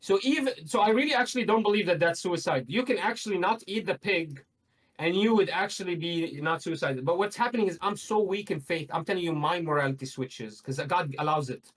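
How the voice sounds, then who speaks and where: Man, somewhat high-pitched, insistent, repetitive, heated religious debate, emphatic rises. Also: expressive, a little fast, a bit bright, low-quality recording. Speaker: guest.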